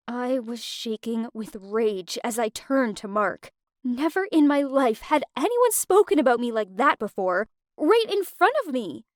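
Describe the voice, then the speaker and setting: High-voiced woman narrating a story. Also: dry recording, studio quality. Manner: emotive, with wide swings of expression.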